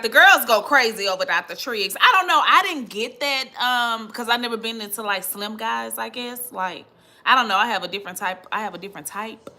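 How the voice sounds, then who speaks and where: A young adult woman chats live with her viewers. Her voice sits high and sounds bright and forceful. She talks in an animated, gushing way and calls everyone girl and baby. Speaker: livestream host. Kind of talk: casual livestream chat with viewers.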